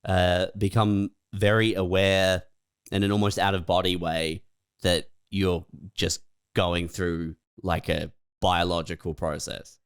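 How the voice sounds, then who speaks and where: Smooth-voiced man musing in chat. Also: sits low, level tone, takes it slowly, no room sound, studio quality. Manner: thoughtful, hesitant, laughs along. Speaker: podcast co-host. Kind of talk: casual comedic chat.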